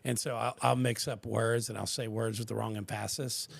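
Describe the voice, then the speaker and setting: Gravelly-voiced male podcast host. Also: medium pitch, a little fast. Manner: animated storyteller, acts out quotes. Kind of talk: casual chat.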